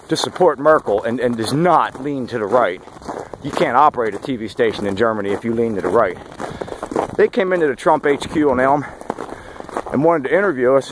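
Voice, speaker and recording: Late-40s man, mid-pitched, talking outdoors on a walk in a blunt, sarcastic, opinionated vlog update, with clear road noise behind him. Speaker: campaign volunteer vlogger. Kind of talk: casual spoken vlog update. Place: outdoors on a morning hike. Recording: outdoor noise with passing traffic.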